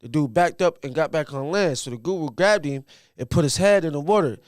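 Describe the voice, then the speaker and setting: Fast-talking animated man, dry sound. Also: on the high side, no room sound. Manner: animated storyteller, acts out quotes, swears freely. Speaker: comedian guest. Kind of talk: casual podcast chat.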